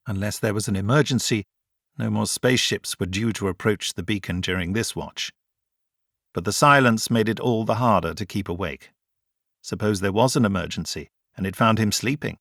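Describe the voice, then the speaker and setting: A man reading a science fiction audiobook in a measured, even storytelling voice. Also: lowish voice, no room sound, clean studio sound. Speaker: audiobook narrator. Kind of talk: scripted audiobook narration.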